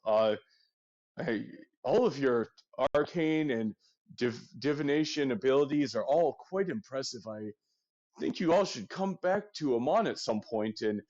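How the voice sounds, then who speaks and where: An old red dragonborn scholar, as a game master puts him on, rambling and hesitant like a fussy lecturer. He speaks slowly and unhurried, in a middle register. The tabletop session sounds dull and lo-fi. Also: medium pitch, expressive, darkish tone, lightly acted.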